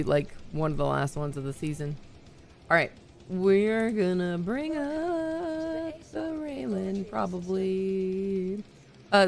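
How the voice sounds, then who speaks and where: Gravelly-voiced woman streamer, chatty. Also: on the low side, darkish tone. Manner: chatty, laughs often, greets viewers. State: slightly hoarse, voice recovering. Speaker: livestream host. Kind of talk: casual live-stream chat.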